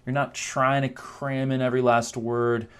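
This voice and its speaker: A man of ordinary middle pitch speaks straight to the camera as a coach on confidence. His delivery is casual and explanatory. He breaks in now and then with quick demonstrations. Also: level tone, a bit bright, clear, resonant tone. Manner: conversational, explains with quick demos and mock voices. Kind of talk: direct-to-camera coaching talk.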